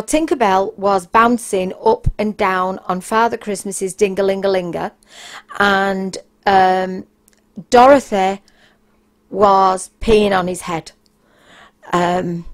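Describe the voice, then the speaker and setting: A woman, hosting a podcast and telling frank anecdotes in a casual, blunt way, sometimes raising her voice for emphasis. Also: mid-range voice. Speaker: podcast host.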